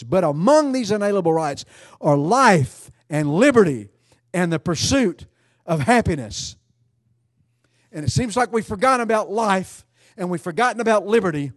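A man's voice: sits high, dry recording, clean studio sound. A man preaching a sermon, emphatic and repeating phrases for effect.

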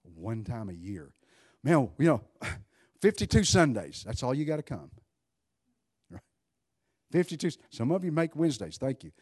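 A man preaching a sermon in an animated, conversational way, swinging between loud bursts and hushed asides while joking with his congregation. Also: on the high side, moderate pace, pauses often, slightly rough, dry recording, studio quality. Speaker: pastor.

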